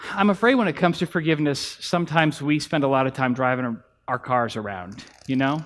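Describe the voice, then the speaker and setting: A man's voice: medium pitch, a little fast, a bit bright. A pastor in his thirties giving a conversational sermon in a church, telling family stories and acting out bits of dialogue. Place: church sanctuary.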